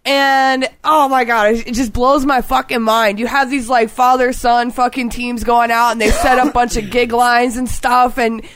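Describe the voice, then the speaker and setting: A young woman in casual podcast chat, excitable and rambling, swearing freely. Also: on the high side, normal speed, few pauses. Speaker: podcast co-host.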